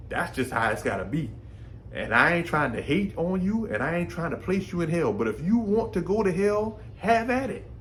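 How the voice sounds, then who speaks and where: A man from Brooklyn, New York, talks about faith in a casual, folksy way. His pitch sits a little high and swings widely as he talks. A faint hum of ambient noise sits behind him. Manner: animated, folksy, repeats words while thinking. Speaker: faith vlogger.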